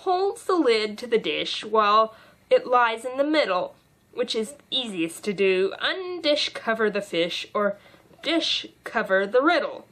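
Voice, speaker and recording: A woman voicing a gentle, dreamy queen in an audiobook reading, speaking slowly in a cooing, wavering way. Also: fairly high pitch, sing-song. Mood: sing-song.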